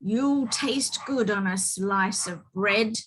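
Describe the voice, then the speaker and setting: A woman voicing a big, slow, gullible male monster in a storybook reading, drawing out the words. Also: medium pitch, fairly bright tone, slight background noise. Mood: ponderous. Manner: slow and drawn-out.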